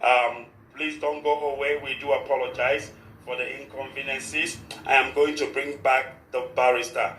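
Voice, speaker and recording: A man's voice: mid-range voice, flat delivery, moderate pace, pushed and bright, reverberant, a little hiss or hum, low-quality recording. A man hosting a live radio show in a formal, repetitive manner, with a short prayer. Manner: formal, repeats "of course" often. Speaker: radio host.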